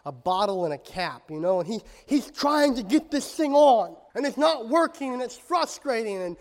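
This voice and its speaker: A man preaching a sermon to a congregation, moving between quiet and impassioned, loud passages. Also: very high voice, long reverb tail. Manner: impassioned, swings from soft to loud. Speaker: pastor. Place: church sanctuary.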